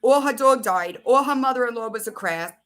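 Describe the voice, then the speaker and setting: Bright-voiced woman gossiping on a livestream. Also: a little high, lively intonation, brisk. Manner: chatty, swears, reads out messages while searching her phone. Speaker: livestream host. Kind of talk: casual livestream chat.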